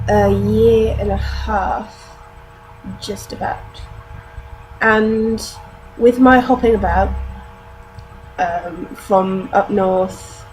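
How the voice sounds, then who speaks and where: A woman's voice: medium pitch, darkish tone, poor audio. A young woman from North Yorkshire with a mixed British accent, mostly southern English with traces of northern English and Canadian, chatting in a casual vlog and reading words aloud, self-mocking and fond of mild swearing. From North Yorkshire, England. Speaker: vlogger.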